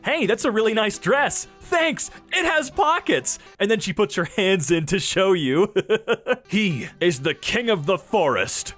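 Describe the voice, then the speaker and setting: A man's voice: fairly high pitch, fairly bright tone. A young man reads posts aloud and reacts with playful, wisecracking asides. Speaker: YouTuber reading Reddit posts.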